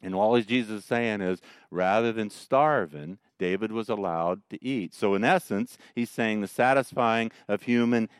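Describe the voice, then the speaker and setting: A male pastor, preaching a sermon in an animated, joking way. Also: on the low side, moderate pace, hardly any pauses, smooth, no echo, clean studio sound. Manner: animated, joking storyteller who mocks the Pharisees.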